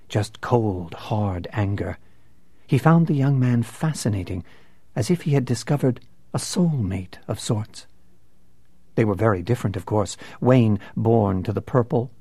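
A man narrating an audiobook in a measured, unhurried way. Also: on the low side, warm tone, dry recording.

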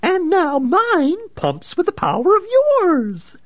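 A man's voice: very high-pitched, huge pitch swings, takes it slowly, a bit bright, no room sound, clean studio sound, pitched above the performer's own voice, full character voice. A man voicing a gleeful, manic male mad genius villain in an audiobook, cackling and theatrical. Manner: cackling, shrieking, theatrical swings. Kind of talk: audiobook character voice.

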